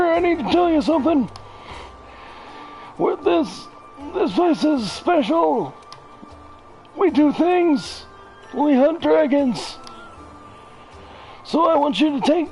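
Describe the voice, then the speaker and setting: A gravelly cranky old elder. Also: male voice, very high voice, big pitch swings, darkish tone, soft background music, voice pushed up, heavily acted, rough recording. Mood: grumbling. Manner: slow, halting, grumpy old-timer talk. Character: gruff old village elder man, rambling and cranky.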